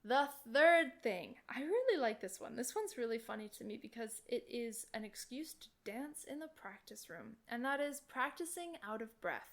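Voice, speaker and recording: Young woman host, slightly high voice, chatty and upbeat, casual advice podcast. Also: expressive, moderate pace, hardly any pauses, a bit bright. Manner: chatty and enthusiastic, full of "like" and "literally". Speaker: podcast host and oboe student.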